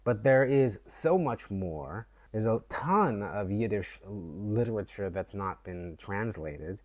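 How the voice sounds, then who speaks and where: Slow, thoughtful Canadian-born man. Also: fairly low pitch, lively intonation. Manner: slow, thoughtful, with fillers and restarts. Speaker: vlogger. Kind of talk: reflective talk to camera.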